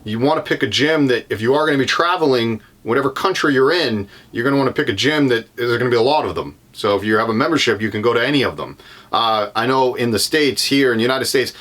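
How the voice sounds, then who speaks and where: A young man with a Boston accent talks fast in a medium-pitched, slightly bright voice while touring his van for a vlog. The delivery is casual and rambling, with lots of ums and self-corrections.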